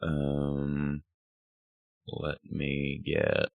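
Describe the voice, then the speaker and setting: A man's voice: a bass voice, completely flat delivery, extremely slow, creaky, no echo. A male streamer with a groggy morning voice, chatting casually and rambling as he sets up a game, swearing now and then. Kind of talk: casual gaming livestream chatter.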